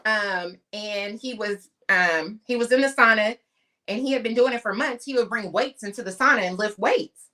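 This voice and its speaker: A woman's voice: mid-range voice, moderate pace, sharp tone. A woman from the US West Coast co-hosting a podcast, chatty and emphatic as she tells stories. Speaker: podcast co-host. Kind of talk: casual podcast chat.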